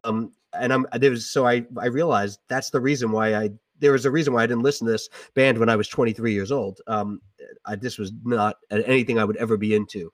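A man's voice: medium pitch, fairly even intonation, fast talker, no echo, far from the mic. A middle-aged man, an English teacher, chatting casually about music on a podcast, hesitant with many ums and restarts.

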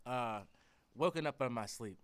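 A man who is an R&B singer, a guest on a podcast, talking in a relaxed and candid way. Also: medium pitch, normal speed, smooth. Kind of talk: casual interview chat.

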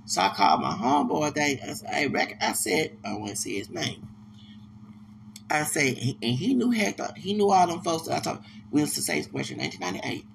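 Briskly telling stories on his podcast, a man rambles with emphasis and frequently restarts mid-phrase. His gravelly, creaky voice sits in an ordinary middle range over steady background noise.

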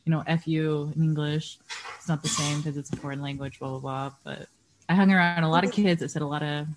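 A woman on a podcast chatting casually, animated and acting out quoted lines. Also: deep voice, quick pace, noisy background. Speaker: podcast co-host. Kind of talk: casual chat.

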